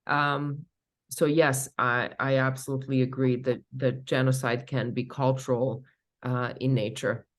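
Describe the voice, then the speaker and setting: A woman in her forties from Bosnia, speaking as a professor and interview guest, earnest and thoughtful, pausing often on small fillers. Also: rumbling low, level tone. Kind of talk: casual interview talk.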